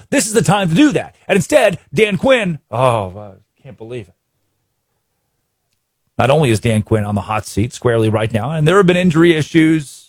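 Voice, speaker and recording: A man hosting a sports talk show, giving excitable commentary in bursts full of repeats and restarts. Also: medium pitch, slightly rough, no echo, studio quality.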